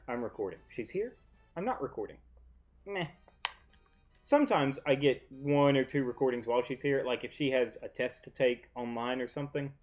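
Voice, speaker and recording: A man's voice: mid-range voice, dull audio. Rambling young man gaming at home. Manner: rambling, chatty and self-deprecating, with asides. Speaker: let's play host. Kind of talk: casual gaming commentary. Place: home living room. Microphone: desk mic off to one side, often facing away.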